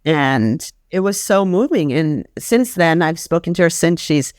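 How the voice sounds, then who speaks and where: A woman's voice: deep voice, animated, unhurried, no room sound. Earnest woman telling stories, dry sound. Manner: earnest storytelling, acts out quoted voices. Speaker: podcast guest, sabbatical grant funder. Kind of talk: casual conversation.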